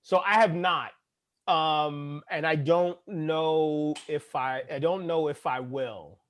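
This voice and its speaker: A man from Brooklyn, New York, co-hosting a podcast as a father of young kids, talking bluntly with plenty of swearing and quick laughs. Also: a little high, steady tone. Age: adult father of young kids. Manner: blunt, profane, laughs easily. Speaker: podcast co-host. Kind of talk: casual chat.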